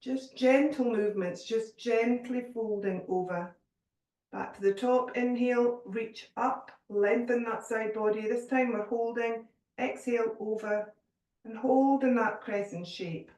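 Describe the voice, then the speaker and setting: A woman guiding a yoga class, giving calm, gentle cues with a little humour. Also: a little high, a little slow, distant mic. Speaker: yoga teacher. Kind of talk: guided yoga class instruction. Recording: echoey room, voice from off mic.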